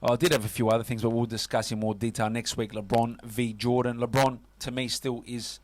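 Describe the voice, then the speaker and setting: Chatty Aussie sports radio host. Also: male voice, mid-range voice, little pitch movement, a little fast, a little mellow, no room sound. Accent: Australian. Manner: chatty, lots of fillers and "mate". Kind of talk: casual sports chat on community radio.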